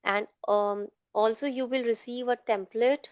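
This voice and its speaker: A woman's voice: fairly high pitch, steady tone, unhurried, smooth, no echo. A woman giving a lecture on clinical data management, talking through it step by step with frequent "okay" and "you know". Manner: explanatory, many fillers like "okay" and "you know". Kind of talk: online lecture. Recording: dull dry lo-fi audio.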